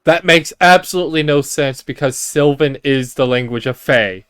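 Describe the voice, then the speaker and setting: A man's voice: a little high, normal speed, fairly bright tone, clear, resonant tone, no echo. A man narrating a tabletop game as game master, dry and teasing.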